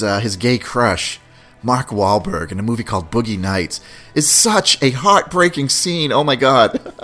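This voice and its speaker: A man hosting a podcast in a casual, rambling, animated chat, laughing often. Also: medium pitch. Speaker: podcast host.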